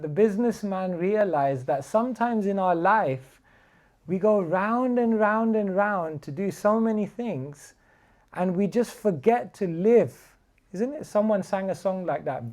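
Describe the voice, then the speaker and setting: A man's voice: sits high, animated, measured pace, a little mellow. A man giving a casual spiritual class, chatty and laughing, telling stories with many fillers. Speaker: spiritual teacher. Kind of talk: casual sermon with storytelling.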